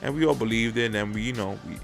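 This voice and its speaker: Gravelly-voiced man ranting casually. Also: medium pitch, very fast, faint music behind. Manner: rambling, profane, opinionated. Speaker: podcast host. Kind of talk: casual podcast chat.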